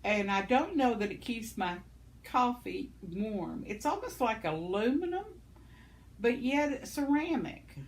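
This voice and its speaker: A woman's voice: a little high, expressive, a little slow. Lady in her 70s, casual home vlog chat, voice swoops up and down, laughs a lot. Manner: chatty, giggly, rambling, trails off with fillers. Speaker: vlogger reading viewer comments.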